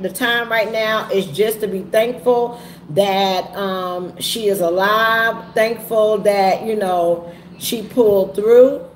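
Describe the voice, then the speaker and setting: A woman talking candidly to her viewers in a halting, heavy way, often repeating herself. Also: a little high. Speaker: vlogger and trucking business owner. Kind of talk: candid personal talk to viewers. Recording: echoey room with faint ambient noise.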